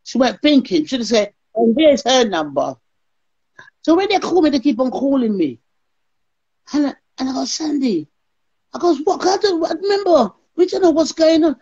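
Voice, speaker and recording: Speaking at normal speed in a high-pitched voice, this woman recounts her own story as a guest in an interview. She's animated and voices other people's dialogue herself, heard over lo-fi call audio.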